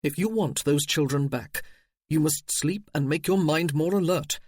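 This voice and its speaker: A man's voice: fairly high pitch, moderate pace, darkish tone, natural voice. A man voicing a stern, protective young officer in a storybook reading. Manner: stern, firm.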